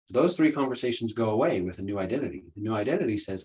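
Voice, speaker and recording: A man's voice: mid-range voice, lively intonation, quick pace, few pauses, darkish tone, rough recording. A man hosting a solo podcast, explaining ideas in an earnest, conversational way. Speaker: podcast host, coach.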